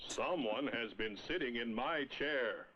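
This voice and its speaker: A man narrating a children's fairy tale in a film clip with a deliberate storyteller delivery. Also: medium pitch, muffled recording, close to an everyday voice. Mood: storytelling. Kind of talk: storybook read-aloud narration.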